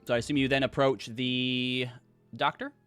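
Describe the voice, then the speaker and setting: A man's voice: sits low, normal speed, a bit bright, faint music behind. A man narrating as dungeon master, rambling with many fillers. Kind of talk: narrating a tabletop game.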